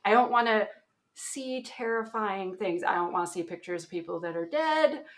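A woman's voice: medium pitch, normal speed. Chatty Canadian woman in her forties. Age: 40s. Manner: chatty, laughs often, lively storytelling. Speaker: guest, application security author. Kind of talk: casual interview chat.

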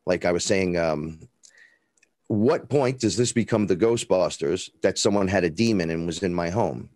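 Guesting in an interview, a Bronx-accented New Yorker rambles through a blunt, profane story, acting out other people's dialogue. His deep voice is a little mellow at normal speed, captured in a dry recording.

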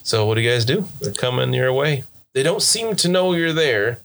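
An American man narrating and running a tabletop role-playing game as game master, chatty and quick to laugh. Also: medium pitch, lively intonation, fairly bright tone. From United States.

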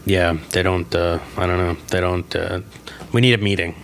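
A man in casual chat, asking quick, curious follow-up questions. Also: deep voice, flat delivery, creaky, a bit bright, a little hiss or hum.

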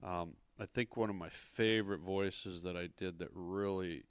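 Lower-voiced man, casual chat. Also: steady tone, normal speed, clear, resonant tone, dry recording. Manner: easygoing, repeats words when starting. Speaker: voice actor and guest.

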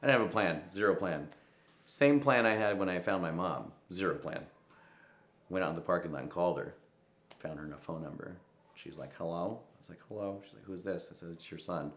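A young man with a very low, deep voice recalls a personal story in an interview. He talks reflectively and drops into soft quoted asides, and the room around him rings with echo. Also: fairly quick. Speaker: musician interviewed.

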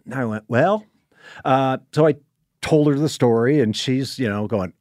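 A man's voice: medium pitch, normal speed, a little mellow, no room sound, studio quality. An older retired man, a podcast guest, telling a long story in a casual, rambling way, full of restarts and quoted dialogue.

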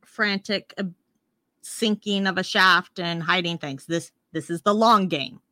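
Woman co-host, bright forceful tone, dry close sound; eager, joking recap chatter. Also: lowish voice, a little slow, no echo. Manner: enthusiastic, playful, self-deprecating. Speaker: podcast co-host. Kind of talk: casual chat recapping a TV episode.

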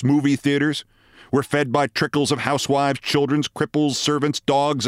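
A man reads a literary story aloud with dramatic, vivid storytelling. His voice sits at an ordinary middle pitch. The recording is dry and close, with no room sound around him. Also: smooth, no room sound. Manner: vivid storytelling, loudly acting out shouted cries. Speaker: host reading a story.

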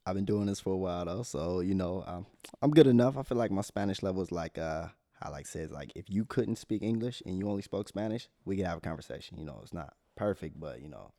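An American man telling travel stories in a relaxed, slangy casual chat. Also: low voice, fast, dry recording, studio quality. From United States.

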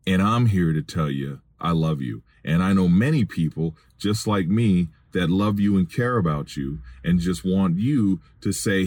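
Middle-aged male podcast preacher, very deep, earnest and pleading, recorded dry and close in a car. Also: a little mellow, dry recording. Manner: earnest, pleading, rises to raised emphatic appeals. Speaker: podcast host and Christian minister. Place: in a vehicle.

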